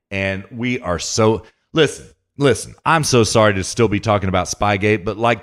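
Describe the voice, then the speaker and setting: A man with a somewhat low voice delivers a podcast monologue, reading news passages aloud and breaking off to comment with emphasis. He talks straight to his listener and leans on repetition to drive his points home. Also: a bit bright. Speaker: podcast host.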